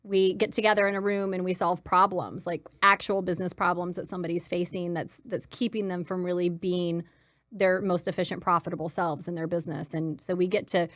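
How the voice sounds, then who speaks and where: A woman talking as a guest on a studio talk show, lively and chatty with self-deprecating humor. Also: on the low side, a little fast, no room sound. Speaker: guest, co-founder. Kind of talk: casual studio interview.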